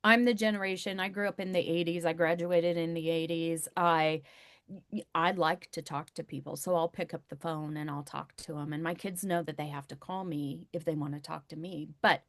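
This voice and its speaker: A woman's voice: deep voice, fairly even intonation, normal speed, dry recording, clean studio sound. A woman in her fifties, a podcast guest talking in an emphatic, conversational way and repeating key points for weight. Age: 50s. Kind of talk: conversational interview.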